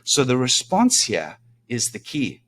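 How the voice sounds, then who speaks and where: A man's voice: mid-range voice, wildly swooping pitch, a little slow, a bit bright. A middle-aged man giving a self-help talk in a casual way, often asking "right?" to check in with his listener. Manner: conversational, rhetorical "right?" asides. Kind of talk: video talk.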